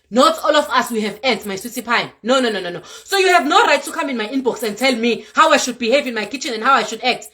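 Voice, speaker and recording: A South African woman vlogger scolding her viewers, lively and animated, dropping Zulu words into her English. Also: sits high. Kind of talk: ranting to viewers. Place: home in Europe.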